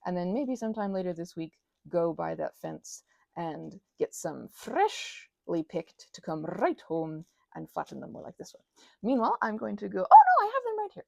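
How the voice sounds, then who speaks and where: A woman rambling casually as she presses flowers, often interrupting herself, giggling and dropping into soft whispers. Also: lowish voice, expressive, moderate pace, creaky, no room sound, studio quality. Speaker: channel host.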